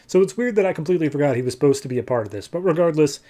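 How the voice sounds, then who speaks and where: A male podcast host recaps a comic book in a loose, chatty review full of fillers. His voice is a little high and mellow, with lively intonation and a racing pace.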